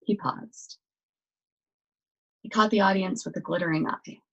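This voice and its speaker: A woman reading a novel aloud as a storyteller, with steady, expressive narration. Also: fairly low pitch, measured pace, creaky, husky, highs cut off.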